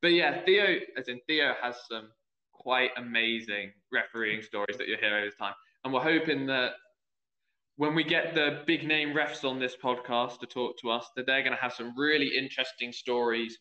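A man's voice: mid-range voice, flat delivery, moderate pace, bright, forceful tone. A young man, a youth football referee, telling a story in casual podcast chat and acting out the quoted voices. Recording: echoey room, dull lo-fi sound.

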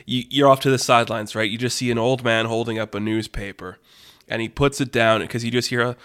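Male podcast host, rambling casual storyteller, mid-pitched voice, dry close sound. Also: fairly quick, smooth, no room sound. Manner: animated, loose and rambling, full of fillers.

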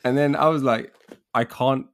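A man's voice: mid-range voice, normal speed. Slangy man telling a story. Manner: animated storytelling, slangy, acts out quotes. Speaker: podcast co-host. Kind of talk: casual chat.

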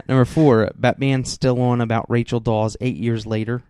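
A man's voice: medium pitch, fairly even intonation, measured pace, pauses often, dark tone, smooth, no room sound, studio quality. Wry man reading listener mail, laughing. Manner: wry, laughs often, reads a list aloud. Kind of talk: casual movie chat.

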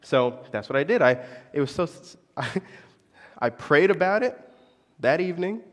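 A young adult man and pastor telling a personal story in a sermon, animated, confessional and poking fun at himself. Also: fairly high pitch, normal speed. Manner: animated, confessional, self-mocking. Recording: long echo of a large hall.

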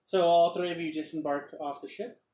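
A man's voice: a little high, fairly even intonation, a little fast, dark tone, recorded from a distance. A man narrating as game master in a rambling, hesitant way. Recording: roomy echo, off-mic.

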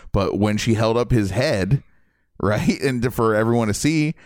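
Low-voiced man excitedly recapping a game. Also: normal speed, no room sound, studio quality. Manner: animated storyteller, swears casually. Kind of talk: casual game discussion.

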